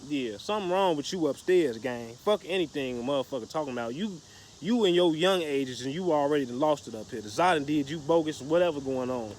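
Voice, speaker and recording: Man, slightly high voice, profane, slangy storyteller, rambling with restarts, faint noise behind. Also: expressive, brisk, darkish tone. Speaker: vlogger. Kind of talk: casual storytelling vlog.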